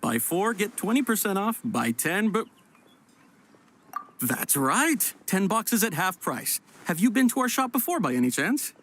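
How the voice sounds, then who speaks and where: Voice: medium pitch, sing-song, unhurried, slight background noise. A fawning tea shop vendor. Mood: salesy. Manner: smooth sales patter, stammers when flustered. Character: flustered, overly polite tea shop vendor. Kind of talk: video game voice acting. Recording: game audio with faint music.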